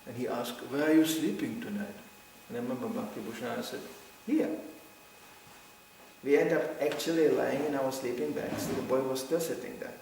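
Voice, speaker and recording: Fast, with vocal fry and hardly a pause, a medium-pitched man tells stories in an echoing hall, recounting memories to a devotional gathering. He's lively, laughs a lot, and acts out quotes. Slight background noise, a very echoey room, and a far-off mic.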